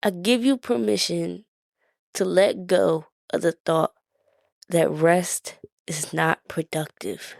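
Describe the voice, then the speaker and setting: A woman's voice: on the low side, fairly even intonation, takes it slowly, vocal fry, dry recording, studio quality. A woman from Philadelphia with a Philly accent, hosting a podcast in a casual, encouraging talk that keeps checking in with her listeners. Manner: conversational, asks "right?" often, laughs easily. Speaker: podcast host.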